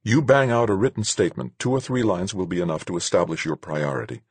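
A man's voice: fairly low pitch, expressive, fast talker, a little mellow, slightly rough, dry recording, pitched above the performer's own voice. A man voicing a brusque older woman in command who barks out curt orders.

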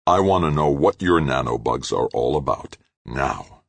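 A deep-voiced man doing a brutal, menacing thug. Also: animated, gravelly, husky, no echo, heavily acted. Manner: menacing, snarling, slow threats. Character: brutal, menacing man in a spacesuit, violent temper.

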